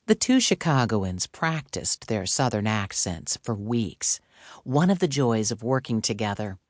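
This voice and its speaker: A man narrates an audiobook from a script, keeping a measured, even storytelling delivery. His voice is fairly low, recorded cleanly in a studio with no room sound.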